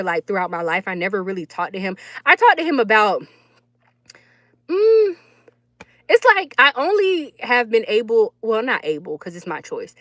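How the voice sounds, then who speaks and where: A woman's voice: medium pitch, fairly bright tone, dry recording, studio quality. A young woman vlogger, chatting casually to her viewers and laughing often. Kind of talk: casual storytelling chat.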